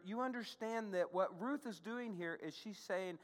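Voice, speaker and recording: A male pastor preaches in a lively, chatty way and turns often to the congregation. His voice sits a little high. A long echo from a large church hall trails after his words. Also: moderate pace. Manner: animated, conversational preaching with asides to the congregation. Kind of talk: sermon. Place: church sanctuary.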